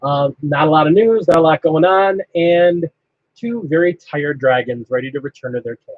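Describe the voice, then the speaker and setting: A man with a somewhat high, husky voice, chatting in an easygoing way and giving blunt opinions. The audio is dry and a bit muffled, like a low-fidelity home recording. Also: normal speed, no room sound. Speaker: podcast co-host. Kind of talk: casual fan chat.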